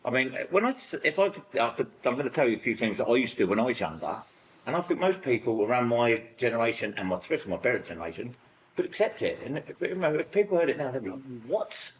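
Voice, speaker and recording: A middle-aged British man with a British accent, sharing childhood stories in a recovery group, rambling and animated with lots of fillers. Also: mid-range voice, fast, rough recording. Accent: British English. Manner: rambling, animated storytelling full of fillers and acted-out quotes. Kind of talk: personal sharing in a support group.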